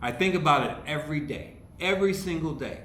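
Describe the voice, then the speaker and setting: A man's voice: on the high side, a little fast. Guy from ohio telling stories, doing all the voices, echoey room. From Ohio, USA. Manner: animated storyteller who acts out the people he quotes. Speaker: podcast guest, comedy writer. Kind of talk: casual storytelling chat. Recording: echoey room with faint background noise.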